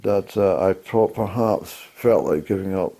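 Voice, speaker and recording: A man telling a personal story about a journey to camera, in a halting, rambling way with mild swearing. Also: deep voice, mellow. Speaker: hillwalker recounting a journey.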